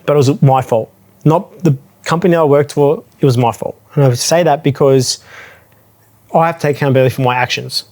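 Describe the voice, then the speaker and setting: A man's voice: medium pitch, darkish tone. A man speaking casually to camera, frank and conversational, recounting a property purchase with restarts and asides. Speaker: property advisor telling his own story. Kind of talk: casual talking-head storytelling.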